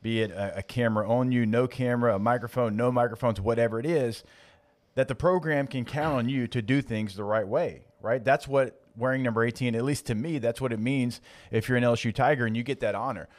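A man's voice: medium pitch, steady tone, brisk. A man co-hosts a casual sports podcast in a stadium studio. He speaks earnestly and steadily, often starting his thoughts with "like" or "I mean.". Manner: earnest, heavy use of "like" and "I mean". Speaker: podcast co-host, former player.

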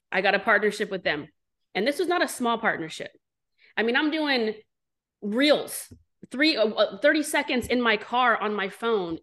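A woman speaking as an interview guest, blunt and animated, with a mid-range voice. She tells her story candidly and swears freely as she talks. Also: mid-range voice. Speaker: entrepreneur guest.

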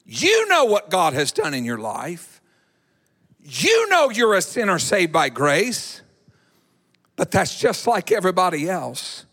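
A man preaching a sermon in an animated, dramatic way. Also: sits high, slow. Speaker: pastor. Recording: echoey hall.

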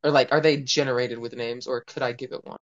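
A tabletop game player who describes their actions hesitantly and often pauses to search for words. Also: medium pitch, fairly even intonation, dull audio.

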